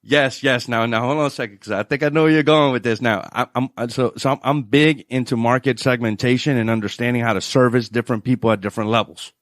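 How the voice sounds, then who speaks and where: A man with a New Orleans accent, a financial adviser guest on a radio show, telling stories in an animated way and laughing often. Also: mid-range voice, fast, few pauses, no echo, clean studio sound. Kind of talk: radio interview chat.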